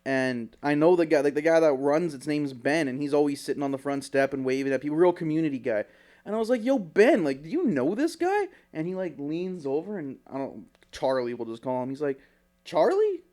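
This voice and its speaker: Speaking fairly quickly in a slightly high voice, a podcast co-host tells a lively story in casual conversation, full of swearing and reenacted quotes.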